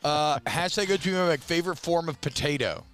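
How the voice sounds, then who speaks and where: A man co-hosting a sports radio talk show, his voice sitting a bit higher than most. He jokes and rambles through light banter, poking fun at himself. Faint music plays under the studio mic. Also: brisk, fairly bright tone. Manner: joking, rambling and self-mocking.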